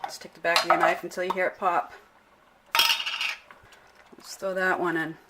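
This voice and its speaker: A woman's voice: lowish voice, little pitch movement, moderate pace, very noisy. A middle-aged woman talking through a home cooking demonstration in a casual, unpolished way, often stopping to correct herself. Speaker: home cook vlogger. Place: home kitchen. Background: clinking pots, pans and cutlery.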